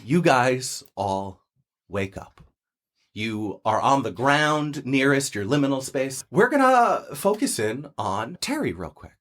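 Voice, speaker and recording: A man's voice: mid-range voice, sing-song, slow, a bit bright. A man narrating a tabletop game as game master, in a loose, casual way with fillers.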